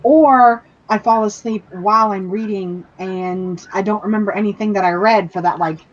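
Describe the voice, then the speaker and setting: Woman on a call explaining her routine, mid pitch, muffled lo-fi sound. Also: moderate pace. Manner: thoughtful, rambling with "like" fillers. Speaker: guest in writing group stream. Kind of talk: casual chat. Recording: dull lo-fi call audio.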